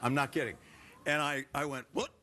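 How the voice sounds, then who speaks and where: A man telling animated stories as a guest on a talk show. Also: on the high side, a little fast. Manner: animated storyteller.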